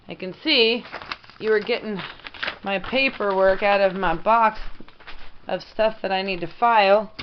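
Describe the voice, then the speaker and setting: A woman in a casual home vlog, chatting fondly to her pet pigeon as she films. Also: fairly low pitch. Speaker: pet owner vlogger. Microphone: camera mic. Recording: dull lo-fi camera audio with noise.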